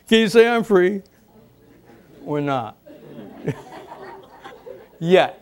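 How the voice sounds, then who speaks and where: A man preaching a sermon, asking the congregation questions and moving between loud exclamations and quiet asides. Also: sits high. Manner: asks the congregation rhetorical questions.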